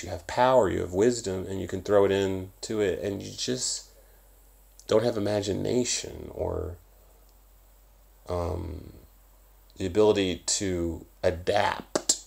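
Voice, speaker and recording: A young man talks straight to camera in a loose, rambling vlog, swearing freely. His voice sits very low with a gravelly fry, and he swings between loud bursts and mumbled asides. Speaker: vlogger. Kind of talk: casual rambling monologue.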